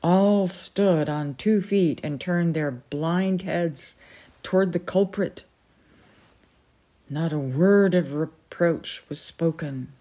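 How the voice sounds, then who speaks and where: A woman reading a novel aloud as a storyteller, slowly and gently, giving each character a voice. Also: on the low side.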